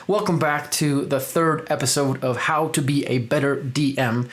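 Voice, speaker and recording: A man hosting a show on running tabletop games, telling a dark story in a measured, dramatic way. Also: on the high side. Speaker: host, storyteller. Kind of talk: slow scripted narration.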